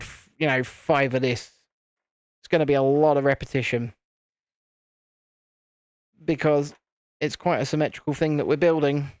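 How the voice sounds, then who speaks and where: A man's voice: fairly high pitch, darkish tone, clean tone, dry recording, clean studio sound. Chatty British man hosting a livestream. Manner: chatty, rambling, jokey. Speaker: livestream host. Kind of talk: casual live-stream chat while building.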